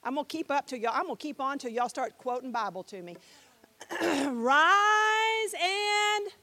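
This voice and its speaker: A middle-aged woman teaching a Bible class in a somewhat high voice, talking straight to her listeners in a chatty way. She repeats lines and keeps asking the class questions. The sound is dry and close, with no room echo. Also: animated, fast talker.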